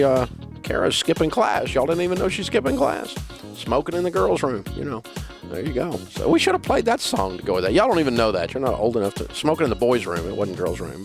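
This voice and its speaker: Blunt Southern radio host, very lively pitch. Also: male voice. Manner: blunt, joking, dismissive. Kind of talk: casual talk radio banter. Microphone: studio microphone.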